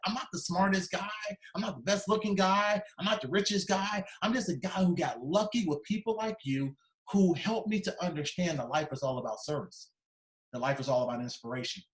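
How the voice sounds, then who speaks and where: Man giving an emotional keynote, echoey. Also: fairly high pitch. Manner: storytelling, quoting others, voice dropping soft in tender moments. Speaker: keynote speaker. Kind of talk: emotional motivational speech. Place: conference video call.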